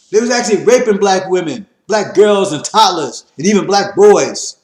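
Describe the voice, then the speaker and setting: Man with a highish voice preaching hard, repeats himself a lot, roomy echo. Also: lively intonation, normal speed, hardly any pauses. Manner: preachy, repetitive, rising to forceful emphasis. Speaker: religious teacher. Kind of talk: impassioned lecture.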